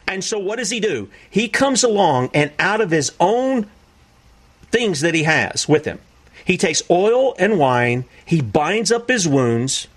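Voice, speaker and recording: With a high voice and a measured pace, a man comments on clips in a preaching style. He comes across as animated and disbelieving, often performing other people's voices.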